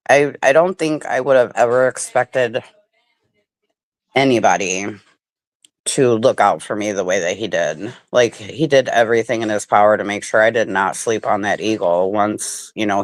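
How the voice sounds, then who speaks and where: A woman chatting casually on a livestream, animated and swearing freely as she tells stories. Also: a bass voice, moderate pace, dry recording. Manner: animated, swearing, talks with mouth full. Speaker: livestream guest. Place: home.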